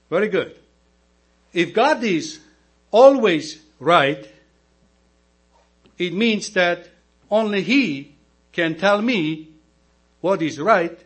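Male deacon, non-native English speaker, slightly raised pitch, slow emphatic sermon over a mains hum. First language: not English. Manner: slow, emphatic preaching with rhetorical questions to the congregation.

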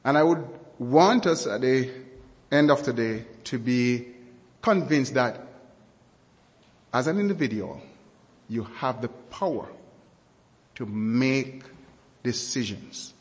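A man preaching a sermon, speaking slowly and deliberately and repeating key words and definitions for emphasis. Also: mid-range voice, lively intonation, big-room sound.

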